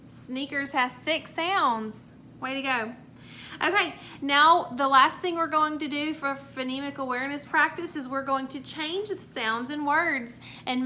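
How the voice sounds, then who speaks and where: A woman teaching a recorded phonics lesson to young children, sounding out words slowly and clearly and praising each answer. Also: high voice, sharp tone, a little hiss or hum.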